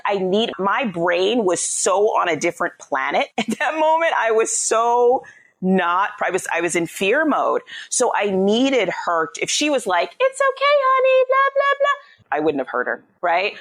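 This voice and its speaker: Woman, middle-aged, parenting coach guest, slightly low voice, very lively intonation, podcast chat. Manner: animated, explanatory, frequently checks in with "right?". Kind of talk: conversational podcast interview.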